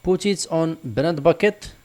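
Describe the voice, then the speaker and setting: Guy doing a screen tutorial, kinda high voice, keeps saying for example. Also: a little slow, a little mellow. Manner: explanatory, repeats "for example" and "just like this". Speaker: online tutorial instructor. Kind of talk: screen-recorded tutorial walkthrough.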